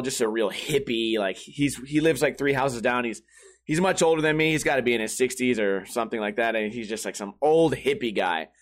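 A man's voice: medium pitch, a bit bright. A young man telling a rambling story in a casual vlog, full of swearing and fillers. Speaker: streamer.

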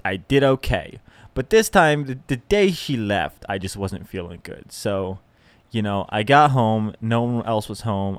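A young man talks through his week on a solo podcast in a loose, rambling way, full of fillers and false starts. His voice sits in an ordinary middle pitch. The sound is dry and close, with no room around it. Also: clean tone, no echo. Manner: rambling, self-deprecating, lots of fillers and restarts. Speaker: podcast host. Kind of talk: casual solo podcast chat.

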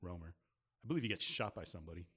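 A man's voice: low-pitched, rapid-fire, a bit bright, slightly rough. A man co-hosting a casual podcast, giving dry, matter-of-fact answers and laughing along. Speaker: podcast co-host. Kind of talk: casual chat.

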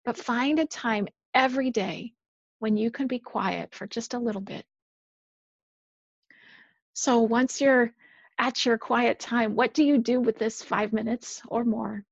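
A woman minister giving a measured, earnest sermon, dropping softer on key phrases. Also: fairly high pitch, fairly even intonation, creaky, dry recording, highs cut off.

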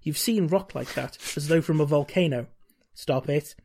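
A man's voice: a little high, moderate pace, gravelly, a little mellow. A man hosting a podcast, reading a gamebook aloud with wry, joking asides and frequent laughter. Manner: wry, laughs often, reads narration steadily.

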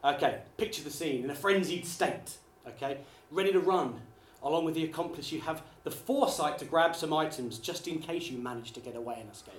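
A man doing a live stand-up routine, chatty and quick with apologetic asides to the crowd. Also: a little high. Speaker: stand-up comedian. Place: small theatre studio with a live audience. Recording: echoey live room, faint ambience.

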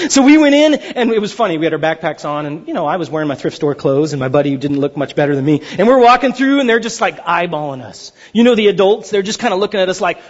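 Male pastor, high husky voice, dull lo-fi recording, conversational sermon. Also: fast talker, few pauses. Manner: conversational storytelling, lively and self-deprecating. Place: church sanctuary. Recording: dull lo-fi sound.

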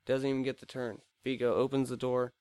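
A man's voice: medium pitch, level tone, brisk, a little mellow, smooth, dry recording, clean studio sound. A young man co-hosting a casual movie review podcast, blunt and joking with constant swearing. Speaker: podcast co-host.

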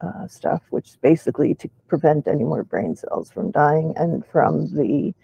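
A man in a casual chat who speaks haltingly and often restarts his sentences. He uses clinical terms, and his vocal cords are weak and do not close properly. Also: on the high side, animated, gravelly, mellow, husky. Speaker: participant in a patient discussion.

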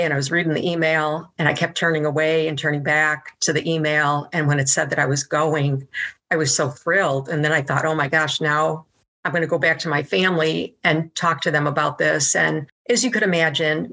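Woman, interviewee, earnest, heartfelt, bright, gravelly, even pitch. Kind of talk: reflective conversational storytelling.

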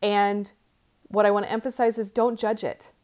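A woman's voice: medium pitch, little pitch movement, normal speed, a little mellow. A woman coach speaking to her listeners in a conversational, encouraging way, with many fillers. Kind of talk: podcast monologue.

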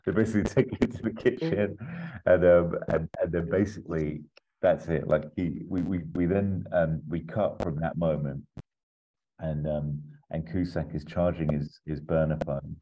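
A man chatting casually as a podcast co-host, rambling through a pitch with lots of fillers and chuckles. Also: fairly even intonation, unhurried, warm tone. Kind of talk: casual chat. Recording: slightly muffled recording.

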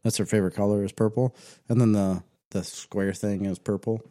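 A man's voice: fairly low pitch, fairly even intonation, brisk, warm tone. A man in his thirties, co-hosting a casual chat in an easygoing, teasing way. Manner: easygoing, teasing, laughs often. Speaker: podcast co-host.

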